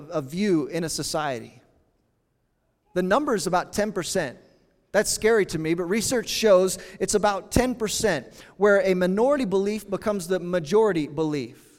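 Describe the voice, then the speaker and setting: A pastor preaching a sermon in an earnest, conversational way, with dramatic pauses. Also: male voice, high voice, long reverb tail.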